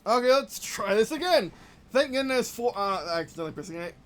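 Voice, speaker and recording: A gameplay video host giving live commentary, venting frustration at the game in short, repeated outbursts and yelling complaints. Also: mid-range voice, expressive, a little fast.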